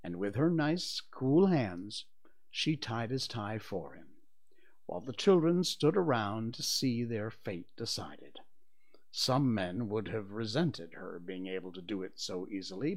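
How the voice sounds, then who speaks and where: A man narrating a classic children's story in an expressive reading voice. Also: lowish voice, a little slow. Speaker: audiobook narrator.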